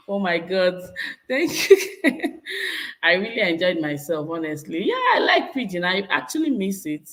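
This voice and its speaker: A woman's voice: fairly low pitch, big pitch swings, a little slow, long pauses, a bit bright. A Nigerian woman in her thirties chatting casually with viewers, laughing often and switching between English and Pidgin. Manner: laughs often, slips into Pidgin, repeats herself. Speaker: vlogger reading live chat. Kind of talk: casual live-stream chat.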